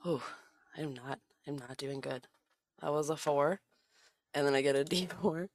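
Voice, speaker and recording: A woman playing a tabletop game, animated and quick to laugh. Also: deep voice, no echo. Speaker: player.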